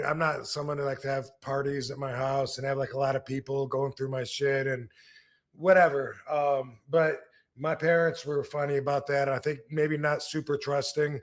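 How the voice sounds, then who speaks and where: A man's voice: a little high, fairly bright tone. A man in his fifties from Michigan hosting a podcast, telling stories casually with many restarts and fillers. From Michigan, USA. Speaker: podcast host. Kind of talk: casual storytelling.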